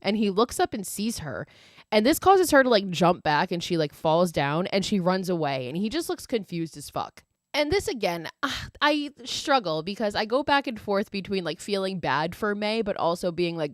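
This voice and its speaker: Young woman podcaster, kinda low voice, super casual, swears a ton, dry close sound. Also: very animated, moderate pace, no room sound. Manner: chatty, swears a lot, lots of "like". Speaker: podcast host. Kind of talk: casual movie recap.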